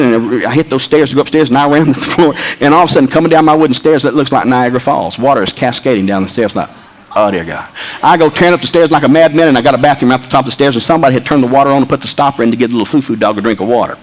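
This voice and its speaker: A middle-aged man telling a comic story, animated and breathless, laughing as he talks, his voice climbing high and loud when he gets excited. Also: highs cut off. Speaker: comedian storyteller. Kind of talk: comic story to a live audience.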